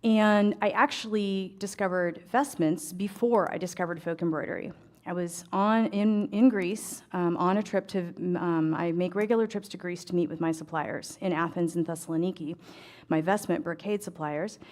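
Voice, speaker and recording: A middle-aged woman from the United States, an ecclesiastical tailor, telling a lively story to an audience and acting out the voices in her dialogue. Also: on the low side, normal speed. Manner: animated, acts out dialogue, chatty fillers. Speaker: ecclesiastical tailor and embroidery speaker.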